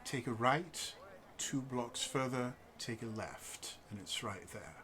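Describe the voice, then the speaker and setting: A game master voicing a reserved, formal noble husband who gives slow, careful directions. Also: medium pitch, lively intonation, a bit bright, slight background noise.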